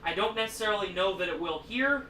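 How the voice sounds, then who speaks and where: A man's voice: high-pitched, expressive, fast, sharp tone, slight background noise. A man hosting a podcast in casual chat, a rambling storyteller who swears a lot. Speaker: podcast host. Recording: echoey room, distant mic.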